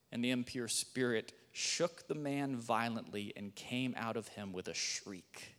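A male guest preacher reading scripture aloud in church, building to loud, emphatic delivery. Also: on the low side, measured pace, few pauses, in a large hall. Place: church sanctuary.

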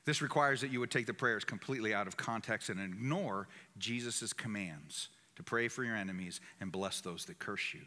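A man's voice: lowish voice, moderate pace, few pauses, sharp tone. A man preaching a sermon in an emphatic way, repeating key phrases for weight. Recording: echoey hall.

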